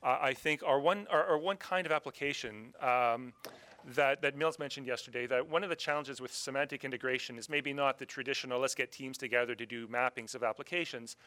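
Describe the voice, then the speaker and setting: A man's voice: medium pitch, sharp tone. A man from Canada presenting slides at a conference, hesitant and full of fillers. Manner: hesitant, many fillers and restarts. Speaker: panel speaker.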